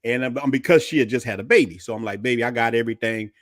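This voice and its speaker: A man's voice: mid-range voice, very fast, no echo, clean studio sound. A middle-aged man hosting a podcast, telling personal stories in casual, slangy chat. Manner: animated storyteller, slangy. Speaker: podcast host.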